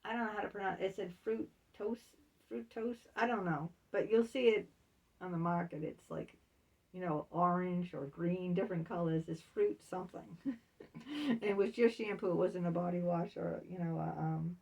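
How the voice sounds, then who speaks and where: A woman's voice: fairly low pitch, normal speed, creaky, a little mellow, breathy edge, far from the mic. A woman telling a candid personal story in a casual vlog, chatty and laughing between lines. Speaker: author and vlogger.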